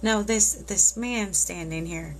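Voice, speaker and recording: A woman doing a live tarot reading who speaks warmly and reassuringly and keeps tearing up. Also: mid-range voice, slow. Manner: emotional, tearful, reassuring. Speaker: tarot reader.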